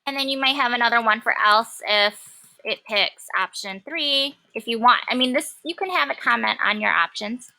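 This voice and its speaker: A woman teaching a programming lesson, talking casually and thinking aloud with many pauses and fillers. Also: on the high side, vocal fry, bright, forceful tone. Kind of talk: classroom coding lesson.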